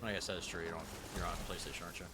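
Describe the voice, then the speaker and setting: A man's voice: low voice, little pitch movement, rapid-fire. Young man, gaming streamer, casual chatter, mild swearing, noisy background.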